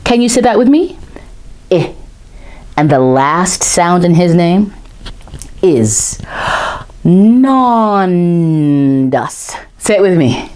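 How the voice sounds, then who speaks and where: Animated woman storyteller in her fifties. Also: fairly low pitch, slow pace, pauses often. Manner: expressive, animated, drops to whispers for effect. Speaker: professional storyteller. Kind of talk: storytelling show and promo talk.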